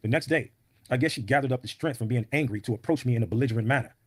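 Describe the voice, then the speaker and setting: Rapid-fire man, husky voice, blunt and profane, dry sound. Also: mid-range voice, darkish tone, dry recording. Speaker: podcast guest. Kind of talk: storytelling in an interview.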